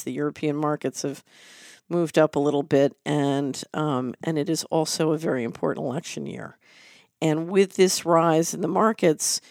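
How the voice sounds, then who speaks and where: Earnest, fairly high-voiced male host. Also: darkish tone, no echo, clean studio sound. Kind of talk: solo commentary on markets and politics.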